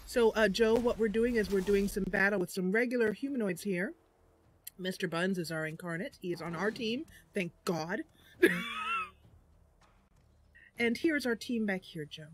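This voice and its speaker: A woman's voice: medium pitch, moderate pace, long pauses, a little hiss or hum. A woman streaming a roleplay game, chatting casually and laughing often.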